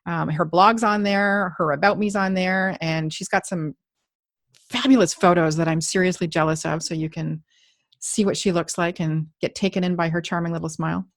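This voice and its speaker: A middle-aged woman hosts a podcast in a loose, joking way and swears now and then. Her voice sits a touch low for a woman. The sound is dry and close, with no room in it. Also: fairly even intonation, normal speed, dry recording. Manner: chatty, jokey, swears casually. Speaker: podcast host. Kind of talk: casual interview chat.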